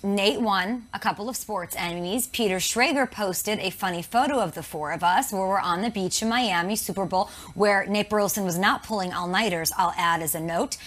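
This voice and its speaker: A woman's voice: medium pitch, normal speed, few pauses, fairly bright tone. A woman co-host of a morning sports show, telling a self-mocking story in casual chat.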